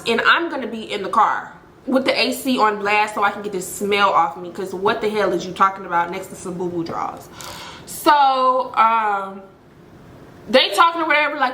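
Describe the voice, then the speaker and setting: A woman telling a story in a casual, animated, dramatic way with lots of fillers, recorded in an echoey room. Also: on the high side, a little hiss or hum. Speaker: storytelling vlogger.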